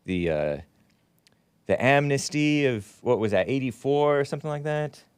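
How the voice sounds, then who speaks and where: A man's voice: medium pitch, animated, normal speed, clean tone, no echo. A man hosting a solo commentary show, rambling and opinionated as he reads out articles and viewer comments. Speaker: host.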